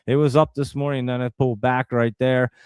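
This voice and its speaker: A man's voice: medium pitch, flat delivery, brisk, smooth, no room sound, clean studio sound. A man from New Jersey hosting a live stock market stream, talking casually and rambling in an exasperated way to his viewers. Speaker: stock market show host.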